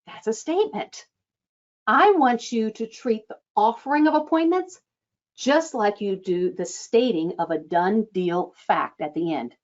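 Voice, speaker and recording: A woman coaching front-desk staff on phone scheduling, acting out sample lines with lively changes of tone. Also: medium pitch, a little slow, lo-fi sound. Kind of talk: instructional talk.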